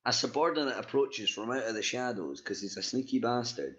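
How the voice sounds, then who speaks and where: A man's voice: mid-range voice, expressive, fairly quick, a bit bright, lo-fi sound. A man reading a group-written story aloud in a laid-back, crude way, stopping to fix mistakes. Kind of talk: casual read-aloud storytelling.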